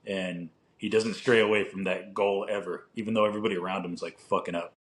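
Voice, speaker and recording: A man's voice: deep voice, steady tone, fast talker. A young man co-hosting a podcast in casual chat, rambling with lots of filler words and casual swearing. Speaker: podcast co-host.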